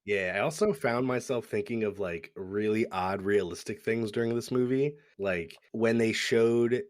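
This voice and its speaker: A man's voice: on the low side, normal speed, no echo, clean studio sound. A man co-hosting a casual movie-review podcast, easygoing and recounting favorite scenes with laughter. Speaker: podcast co-host.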